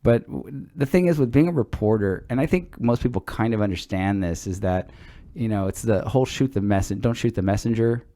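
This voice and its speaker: Low-voiced man telling rambling stories. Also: brisk, few pauses. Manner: relaxed, rambling, swears freely. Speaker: podcast co-host. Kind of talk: casual storytelling chat.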